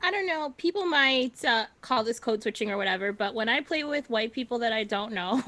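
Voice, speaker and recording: A woman's voice: a little high, lively intonation, fairly quick, bright, forceful tone, no echo. A woman improv comedian on a panel, speaking frankly and laughing between her phrases. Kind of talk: casual panel discussion.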